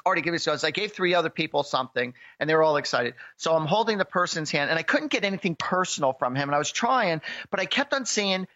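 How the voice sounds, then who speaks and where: High bright-voiced male radio host. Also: no room sound, dull audio. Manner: animated storyteller, exclaims often. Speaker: radio show co-host, psychic reader. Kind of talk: casual radio chat.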